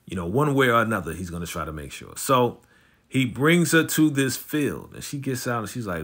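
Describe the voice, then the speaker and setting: A man giving a casual, slangy recap of a TV drama episode, telling it with animated energy. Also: fairly low pitch. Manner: animated, slangy storytelling, often fast. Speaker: YouTube show recapper.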